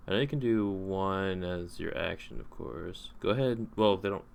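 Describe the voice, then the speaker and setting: Deep gravelly game master. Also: male voice, moderate pace. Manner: easygoing, laughs often, stumbles when flustered. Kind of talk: narrating a tabletop game.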